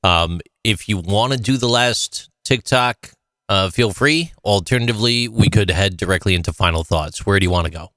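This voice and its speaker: Brief: low-voiced man hosting a casual podcast, dry reactions, dry close sound. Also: normal speed, fairly bright tone, no room sound. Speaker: host.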